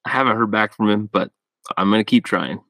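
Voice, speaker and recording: A man's voice: lowish voice, brisk, pushed and bright, no echo. A man hosting a podcast, chatting with his guest in a casual, reflective way. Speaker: podcast host. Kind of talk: casual chat.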